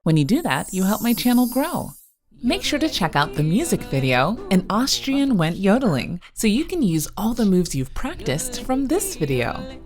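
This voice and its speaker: Encouraging woman teaching kids, very lively pitch. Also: faint music behind. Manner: bright, encouraging, slow and clear for children. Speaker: children's music teacher. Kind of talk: kids' movement tutorial.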